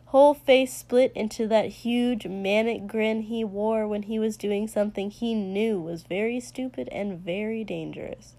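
A woman's voice: a little high, warm tone. Woman reading a story aloud. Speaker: narrator. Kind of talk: reading fan fiction aloud.

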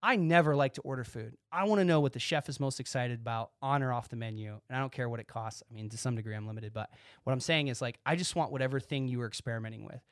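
A man hosting his own podcast, talking excitedly in a casual monologue and acting out quick bits of dialogue. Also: medium pitch, dry recording, studio quality. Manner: excitable, animated, talks with his hands in quoted dialogue. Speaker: podcast host.

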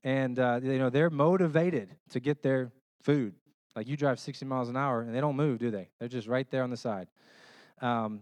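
A man giving a sermon as a pastor. He tells homey stories in an animated way and keeps checking in with rhetorical questions. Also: mid-range voice, no room sound. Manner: conversational, checks in with listeners through rhetorical questions; animated storytelling with homey illustrations.

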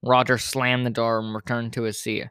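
A man reads a children's story aloud with steady, plain storybook pacing. His mid-pitched voice is recorded close and dry, with no room sound behind it. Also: moderate pace, clear, resonant tone, dry recording.

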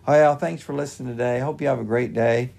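A man's voice: mid-range voice, steady tone, a little fast, gravelly, a little mellow. A middle-aged man hosting a devotional podcast, giving earnest, practical advice point by point. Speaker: podcast host and pastor.

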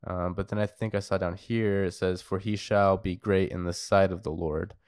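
A man's voice: low voice, steady tone, normal speed, a little mellow, smooth, no echo, studio quality. A man in a casual Bible study discussion, thinking aloud and hesitating often with fillers as he shares what he looked up.

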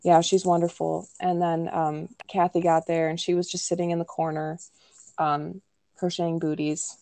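Low-voiced young woman chatting. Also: little pitch movement, normal speed, mellow, no echo. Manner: chatty, many "like" and "um" fillers, acts out quoted lines. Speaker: podcast co-host telling her birth story. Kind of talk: casual conversational storytelling.

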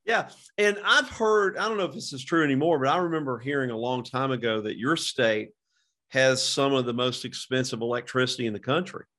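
Halting middle-aged man hosting a chat. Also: medium pitch, sharp tone. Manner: halting, many restarts and "you know". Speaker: podcast host. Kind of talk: casual interview chat.

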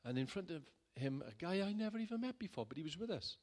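A man, a pastor, telling a personal story in a sermon in a chatty way that builds to loud, emphatic bursts. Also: high voice, big pitch swings, quick pace. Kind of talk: sermon testimony.

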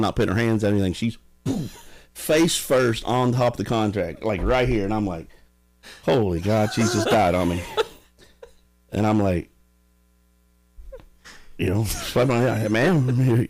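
Deep-voiced man, laughing storyteller, casual chat. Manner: animated, laughing, drawling storyteller. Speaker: podcast guest.

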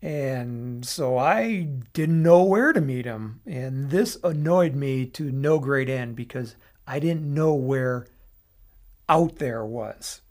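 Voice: mid-range voice, expressive, slow pace, darkish tone. A podcast host talking through an analysis on their own in a casual, explanatory way, with frequent restarts and asides.

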